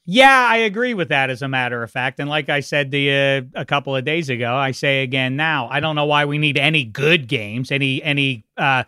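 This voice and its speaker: A man with a bright, crisp voice hosts a casual sports chat. He is wry and a little rambling. The sound is dry and close. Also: mid-range voice, fairly quick, few pauses, no echo. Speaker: podcast host.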